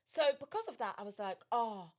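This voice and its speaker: A woman co-hosting a podcast in casual chat, telling a story with lively acted-out quotes. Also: fairly high pitch, fairly quick. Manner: animated storytelling, acts out quotes. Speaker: podcast co-host.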